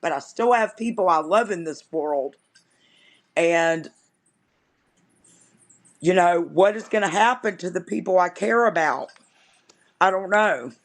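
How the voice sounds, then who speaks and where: A woman's voice: fairly low pitch, animated, unhurried, long pauses. A woman guest on a live stream, ranting in an angry, exasperated, vehement way. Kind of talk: impassioned ranting.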